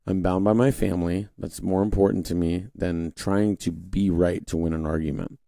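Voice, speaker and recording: Low, dark-voiced man ranting casually. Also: steady tone, normal speed, creaky, no echo, studio quality. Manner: conversational, rambling with frequent restarts and fillers; mocking put-on voices when quoting others. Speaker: podcast host. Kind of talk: casual political commentary monologue.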